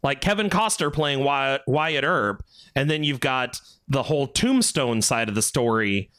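A man's voice: medium pitch, expressive, measured pace, fairly bright tone, no room sound, clean studio sound. A man from California with a Californian accent, hosting a casual podcast chat and laughing often. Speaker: podcast host.

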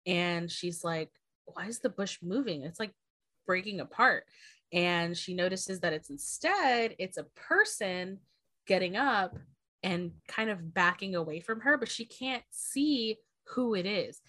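A woman's voice: lowish voice, lively intonation, a little slow, sharp tone, no echo. Swearing woman retelling a novel's plot. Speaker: podcast co-host. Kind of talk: casual book-club chat.

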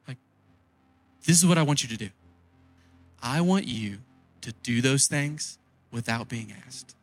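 A man's voice: mid-range voice, expressive, a little slow, long pauses, no room sound. A man preaching a conversational sermon as a pastor, pressing his points by repeating key phrases.

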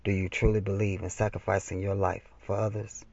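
Male reader doing a soft-spoken, wise doctor figure, husky and flat-toned, dull lo-fi sound. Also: lowish voice, brisk, no echo. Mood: gentle, calm. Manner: soft and quiet, gently firm. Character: calm, wise man doctor in a dream. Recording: slightly dull, dry lo-fi recording.

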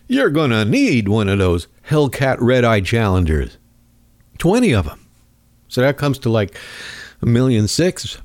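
A man's voice: medium pitch, a little mellow, no echo. A male show host delivering an angry, sarcastic political rant. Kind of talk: ranting political commentary.

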